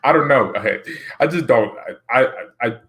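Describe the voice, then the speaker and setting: A man's voice: medium pitch, animated, normal speed, a bit bright. Rambling, laughing man chatting casually. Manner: rambling, laughing often, stammering restarts. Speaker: football channel host. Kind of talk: casual chat reading viewer comments.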